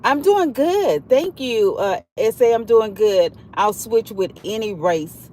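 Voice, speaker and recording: A woman's voice: on the high side, animated, slow pace. A woman hosting a casual livestream from her car while she drives, rambling and repeating herself in a heartfelt way. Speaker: livestream host. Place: in a car on the road. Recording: loud road and traffic noise.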